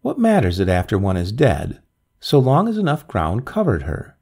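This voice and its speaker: A man's voice: lowish voice, wildly swooping pitch, moderate pace, a little mellow, husky, exaggerated voice. A man voicing a shrunken, greedy old grave robber who speaks nervously and eagerly. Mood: fearful.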